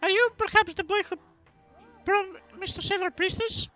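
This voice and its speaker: A man voicing an eager, chatty monastery trader in a high falsetto, reading game dialogue aloud. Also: moderate pace, sharp tone, soft background music. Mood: curious.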